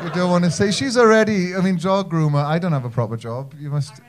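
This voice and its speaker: A man's voice: high voice, quick pace. A young man from Wales with a North Welsh accent doing a stand-up set in a comedy club, bantering cheekily with the audience and mocking himself. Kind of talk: stand-up set with crowd work.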